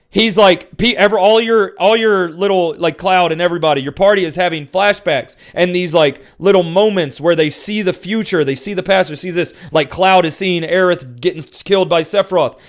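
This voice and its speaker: A young man in casual talk, ranting about a video game, swearing a lot and rambling with restarts. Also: high-pitched. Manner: profane, rambling, gets loud and excited.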